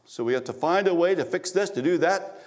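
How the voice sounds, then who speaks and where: Male pastor preaching a story-driven sermon in church, halting restarts, emphatic repetition. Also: fairly high pitch, lively intonation. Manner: storytelling, repeats phrases for emphasis, frequent restarts.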